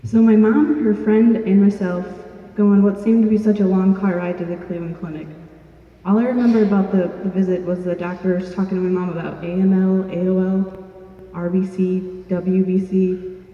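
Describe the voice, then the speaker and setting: A woman's voice: medium pitch, fairly even intonation, normal speed. A young woman earnestly telling her own story to an audience, plain-spoken with small restarts. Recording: distant, dull-sounding mic in an echoey hall.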